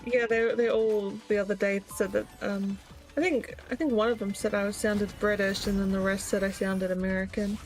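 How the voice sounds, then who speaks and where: A woman from Australia chats casually while streaming a game, with a few hesitant restarts. Her voice sits at an everyday middle pitch. Music plays clearly behind her. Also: fairly even intonation, normal speed, poor audio. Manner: chatty, a little hesitant. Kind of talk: casual chat while gaming.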